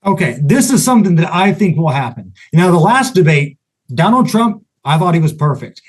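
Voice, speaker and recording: A man with a notably high voice hosts a podcast in casual chat. He talks with confidence and punch and throws in folksy turns of phrase. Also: big pitch swings, normal speed. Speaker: podcast host.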